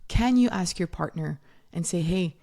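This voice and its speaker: A woman's voice: on the low side, moderate pace, darkish tone. A woman in her thirties hosting a solo parenting podcast, talking conversationally, correcting herself and playing out quoted moms with animation. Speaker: podcast host and parenting educator.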